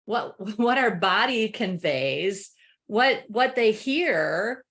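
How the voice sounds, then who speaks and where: A woman in a webinar conversation, speaking as a parenting coach at a middling pitch. She is animated, laughs as she talks and slips into acted family dialogue to make her points. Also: slow.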